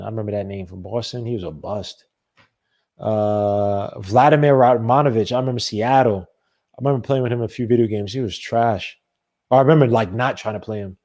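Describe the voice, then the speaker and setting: A man hosting a sports podcast, ranting in a rambling, animated way with many restarts. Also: mid-range voice. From not from the American South. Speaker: podcast host. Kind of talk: casual solo sports talk.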